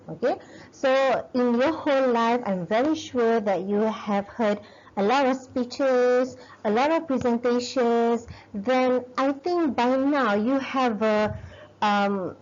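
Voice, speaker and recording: A woman's voice: fairly high pitch, a little mellow. A woman lecturer with a Malaysian English accent, explaining step by step in a recorded video lesson and often checking in with "okay?". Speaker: university lecturer. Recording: dull lo-fi recording.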